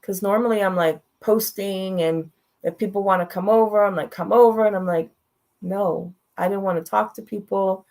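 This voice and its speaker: A middle-aged woman speaks frankly and directly about hard times in her own life. Her voice sits at a middling pitch, and she laughs now and then through the difficult parts. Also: fairly even intonation, normal speed, a little mellow. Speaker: guest sharing a personal story. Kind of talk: candid storytelling on a talk show.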